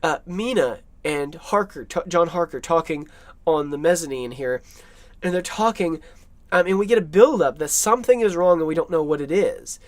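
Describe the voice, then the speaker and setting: Eager, slightly high-voiced male film commentator. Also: expressive, normal speed. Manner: enthusiastic, rambling, frequent self-corrections. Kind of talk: film analysis commentary over clips.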